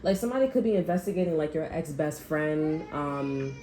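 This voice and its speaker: A woman's voice: low voice, lively intonation, a little fast, warm tone, slight background noise. A woman giving a casual tarot reading, rambling with lots of "like" and speaking bluntly, with frequent swearing. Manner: blunt and heated. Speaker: tarot reader.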